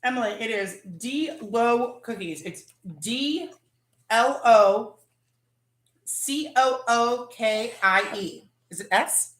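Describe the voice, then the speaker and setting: A woman hosting a casual live chat from her kitchen, excitable and gushing about food. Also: a little high, takes it slowly, echoey room. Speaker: livestream host.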